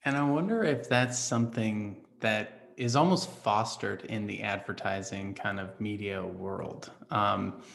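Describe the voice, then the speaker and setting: A man hosting an interview in a relaxed, chatty way, with fillers. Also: fairly low pitch, measured pace, creaky, hardly any pauses. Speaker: podcast host. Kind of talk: conversational interview. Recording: echoey room sound.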